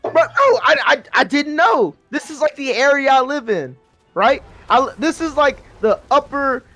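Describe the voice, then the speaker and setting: A man in his twenties telling a rambling, profane story casually while gaming, breaking into loud, excited bursts. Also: very high-pitched, unhurried, dry recording, soft background music.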